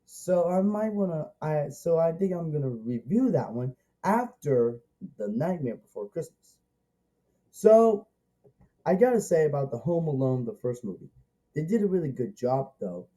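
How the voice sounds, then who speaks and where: A man's voice: on the high side, big pitch swings, normal speed, dark tone, rough recording. A man giving a casual, rambling movie review, eager and repetitive, restarting his sentences often.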